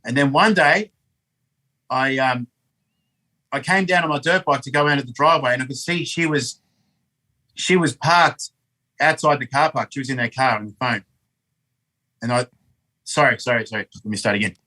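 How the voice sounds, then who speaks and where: A man's voice: mid-range voice, normal speed, long pauses, sharp tone, low-quality recording. An Australian man telling a rambling story as a podcast guest, swearing often and full of energy. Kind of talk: casual storytelling.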